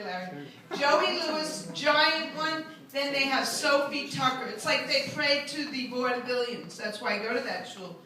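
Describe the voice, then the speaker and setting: A woman's voice: sits high, noisy background. A woman in her sixties telling a live stand-up story, chatty and self-mocking, often slipping into character voices. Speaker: stand-up comedian. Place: live comedy venue with an audience. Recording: very echoey room, mic at a distance.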